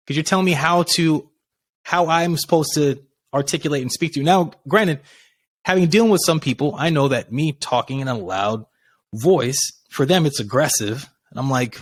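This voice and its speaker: Animated, passionate man, dry sound. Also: on the high side, fairly quick, dry recording. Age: adult with a child. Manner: animated, passionate, gets loud. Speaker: podcast co-host. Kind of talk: casual chat.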